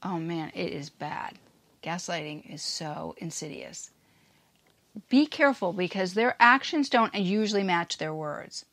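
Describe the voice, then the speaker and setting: A woman's voice: fairly low pitch, lively intonation, a little slow, a bit bright, dry recording. A woman hosting a podcast, explaining a topic in a casual, emphatic way and briefly acting out quoted lines. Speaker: podcast host.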